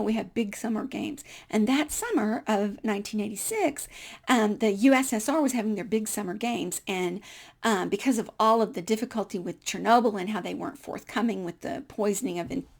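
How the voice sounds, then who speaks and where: Gravelly-voiced woman telling a lively story. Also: mid-range voice, brisk. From United States. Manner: animated, acts out dialogue, laughs often. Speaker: speaker telling her life story. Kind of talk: personal storytelling.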